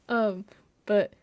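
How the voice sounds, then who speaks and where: A woman's voice: a little high, darkish tone, dry recording. A young woman chatting casually on a live stream from home, rambling, giggling and mocking herself, sometimes dropping to a whisper.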